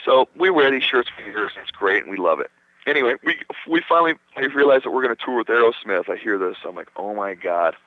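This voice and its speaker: A rock guitarist from Minnesota, appearing as a guest in a radio studio, tells a long backstage story in a casual interview. He talks fast and expressively in a mid-range voice, imitating the people involved and swearing offhandedly. The radio recording is dull and dry, with no room sound.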